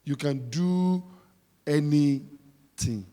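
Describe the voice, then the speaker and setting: A man preaching a sermon, emphatic and repetitive, swinging between shouting and quiet talk. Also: fairly high pitch, very slow, in a large hall.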